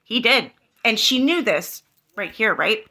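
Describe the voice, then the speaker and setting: Indignant, foul-mouthed woman with a bright voice. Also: fairly high pitch, animated, measured pace. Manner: indignant, profane, rhetorical questions. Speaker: commentary channel host. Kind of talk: heated commentary on online drama.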